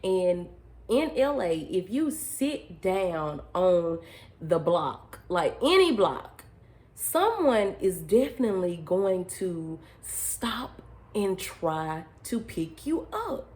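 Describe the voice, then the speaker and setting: A young woman vlogger telling a personal story in a casual, animated way, often addressing her viewers as y'all. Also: fairly low pitch, slow.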